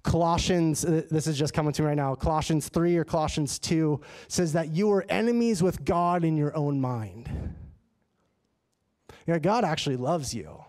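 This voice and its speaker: A man preaching a sermon in a church, telling a personal story in a lively, conversational way. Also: a little high, moderate pace. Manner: animated and conversational, acts out his own dialogue. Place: church sanctuary.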